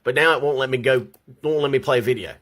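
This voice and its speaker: This older man, shaky and upset at home, vents an angry rant to his camera audience and stumbles over repeated words. His voice is mid-range and a bit bright, and he talks fast.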